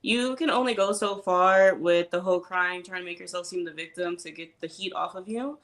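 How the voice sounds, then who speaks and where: A woman's voice: on the low side, normal speed, a bit bright. A woman on a reality TV discussion panel giving candid, opinionated commentary. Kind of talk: casual commentary.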